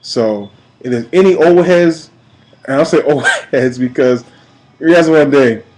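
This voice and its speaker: A man in his late thirties from New York, giving an emphatic, preachy personal video message that swings between quiet and loud. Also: medium pitch, takes it slowly, slight background noise, poor audio. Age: 30s. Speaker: vlogger.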